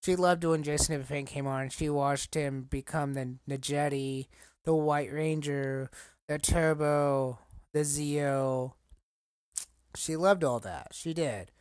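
A man's voice: on the high side, fairly even intonation, a little mellow, clean tone, dry recording, clean studio sound. Choked-up man chatting about toys. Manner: halting, emotional, choked up at times; rambling commentary with many fillers. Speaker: collector vlogger. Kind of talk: casual toy-collecting vlog.

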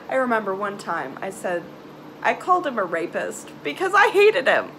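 A young woman telling a personal story to camera in a halting, emotional way, trailing off into sighs and nervous laughs. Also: a little high, big pitch swings, a bit bright, slight background noise. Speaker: vlogger. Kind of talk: confessional storytime vlog.

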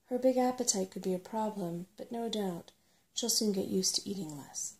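A woman voicing a weary, forgetful old male dragon in a soft, murmuring whispered role-play. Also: medium pitch, close to an everyday voice. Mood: grave. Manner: slow, murmuring, trailing off.

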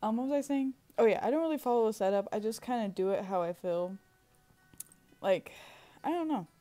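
A woman's voice: on the high side, expressive, fairly quick. A young woman chatting casually in a home vlog voice-over, giggling often and scolding herself as she goes. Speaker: vlogger. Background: soft guitar music.

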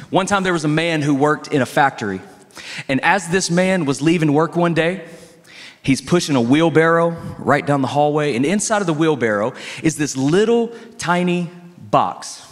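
A male pastor preaching a sermon in a relaxed, conversational storytelling style, leaning on emphatic pauses. His voice sits a little higher than most men's. It rings out with a long reverb through a church sanctuary.

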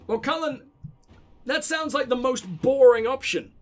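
A flustered man talks through a tough fight while playing, swearing casually as things go wrong. His speaking voice sits high for a man. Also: lively intonation, a little slow. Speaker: gaming channel host. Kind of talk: gameplay commentary.

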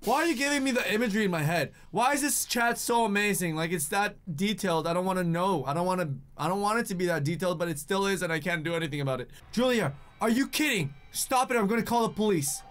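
A man with a high, light voice talks through a casual reaction vlog. He is jumpy and chatty, piling up "like"s as he reacts. Faint music plays underneath. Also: fast, hardly any pauses. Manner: excitable, jumpy, chatty with many "like"s. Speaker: YouTube reaction host. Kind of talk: casual reaction commentary, reading a chat story aloud.

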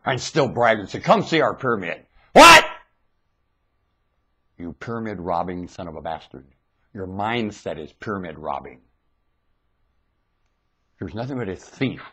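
A man ranting erratically into a webcam at home, swinging from shouting to low muttering. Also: wildly swooping pitch, measured pace, long pauses, husky. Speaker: vlogger. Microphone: webcam mic.

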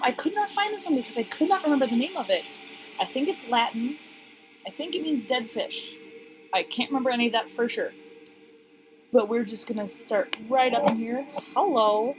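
A woman giving casual, excitable commentary on a game she is playing, chatting to her viewers. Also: a little high, poor audio. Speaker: let's play gamer. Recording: steady background noise.

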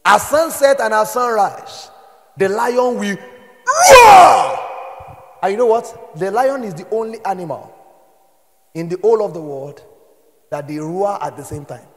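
A Nigerian man preaching a sermon as pastor, moving between quiet storytelling and shouted exhortation. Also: high-pitched, in a large hall.

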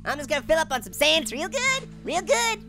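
A man voicing a hyper, wisecracking male talking orange, giggly and squeaky, making puns and teasing while playing a video game. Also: brisk, soft background music, exaggerated voice. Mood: playful. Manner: excitable, teasing, bursts into shouts. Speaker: gaming channel host character. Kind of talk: let's play commentary.

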